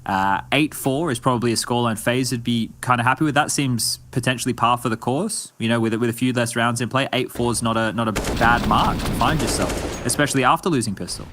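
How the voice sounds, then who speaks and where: A man breaks down an esports match in relaxed color commentary. He sounds analytical and conversational and slips in the odd joke. A steady noise sits under the stream audio. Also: medium pitch, fairly quick, few pauses. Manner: chatty, analytical, joking.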